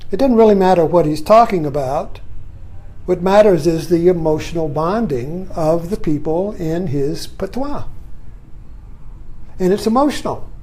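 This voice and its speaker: A man's voice: high-pitched, lively intonation, a little slow, mellow. An older man giving a rambling, reflective monologue, often adding "you see" as he thinks aloud. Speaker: vlogger. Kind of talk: musing monologue.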